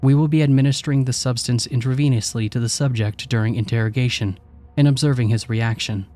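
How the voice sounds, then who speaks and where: A man's voice: mid-range voice, fairly quick, faint music behind, lightly acted. Man reading a cool female lab doctor. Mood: clinical. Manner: calm, matter-of-fact explaining.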